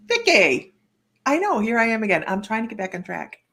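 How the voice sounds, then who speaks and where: A woman's voice: a little high, pushed and bright, slight background noise. A woman psychic reader hosting a live stream, chatting in a rambling, friendly way and greeting viewers by name. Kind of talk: casual live-stream chat.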